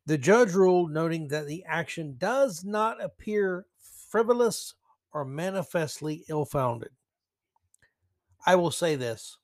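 A man's voice: fairly high pitch, animated, takes it slowly. A man hosting a solo opinion podcast, ranting sarcastically and hammering his key words. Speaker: podcast host.

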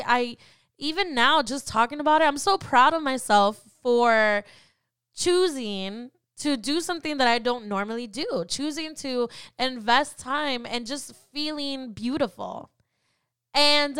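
A woman's voice: sits high, a bit bright, clean tone, no echo, clean studio sound. A woman co-hosting a faith podcast, talking in an earnest, encouraging way with lots of "um" and "like". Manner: earnest, encouraging, many "um" and "like" fillers. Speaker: podcast co-host. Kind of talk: personal faith podcast talk.

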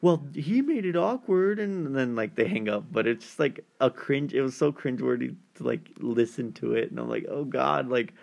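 A man's voice: medium pitch, steady tone, brisk, vocal fry, few pauses. A man in casual chat, rambling through a story with many fillers and acting out what callers said.

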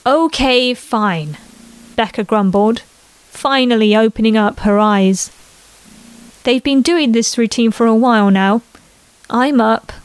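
A woman narrating a family story in an unhurried reading voice. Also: a little high, clear, resonant tone, dry recording.

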